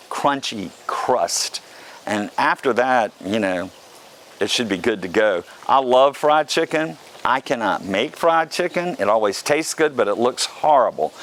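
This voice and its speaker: A man's voice: medium pitch, a bit bright. A man from the South Carolina coast, chatting casually and joking as a video host, with a faint hum behind him. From South Carolina Lowcountry. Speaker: vlog host. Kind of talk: casual talk to camera. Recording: faint background noise.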